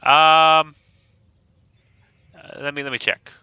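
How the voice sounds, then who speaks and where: Bright, crisp-voiced gaming host. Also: male voice, a little high, fairly even intonation, slow pace, no echo. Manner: joking, easygoing, breezy. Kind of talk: casual gaming chat. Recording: dull lo-fi dry mic.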